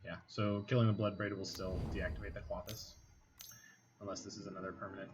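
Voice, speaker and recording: A game streamer gives casual commentary over a card game, weighing plays aloud and muttering wry, easygoing asides to himself. His middling-pitched voice has little pitch movement and a fairly quick pace. It comes through a slightly dull, lo-fi mic with faint clicking and low noise underneath.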